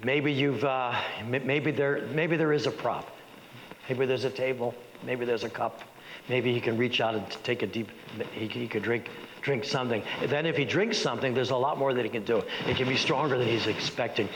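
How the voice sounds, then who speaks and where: A man's voice: medium pitch, normal speed. A man teaching an acting workshop, talking with energy and often stopping to restart his sentences. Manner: energetic, many restarts and stammers. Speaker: workshop leader. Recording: echoey hall with faint noise.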